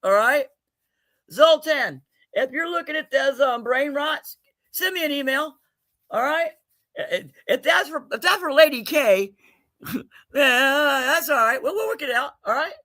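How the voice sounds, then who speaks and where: A man's voice: very high-pitched, animated, unhurried, bright, forceful tone. A man hosting a casual livestream giveaway, joking loosely, laughing often and calling out to viewers by name. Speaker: livestream host running a giveaway.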